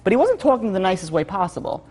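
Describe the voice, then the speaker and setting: A man's voice: sits high, sing-song, fast talker, a little mellow, slightly rough. A male rabbi telling a story in a sermon, casual with lots of "like" and "you know". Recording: long hall reverb.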